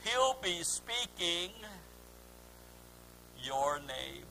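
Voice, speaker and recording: A man preaching a fervent sermon as pastor, swinging between quiet, drawn-out lines and shouted calls. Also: a little high, big pitch swings, gravelly, a little hiss or hum, rough recording.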